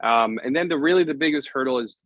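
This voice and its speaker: A man's voice: quick pace, a bit bright, no echo. Upbeat salesy man, dry dull audio. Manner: upbeat sales pitch, spells out web addresses. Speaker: lead vendor guest. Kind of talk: casual video interview.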